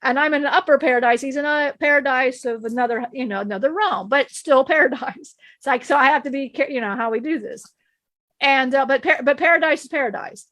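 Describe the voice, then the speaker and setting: A woman's voice: high voice, a little fast, a bit bright, no room sound. A woman channeling an ancient male divine being, giving an emphatic spiritual teaching with many repeats and restarts. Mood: earnest.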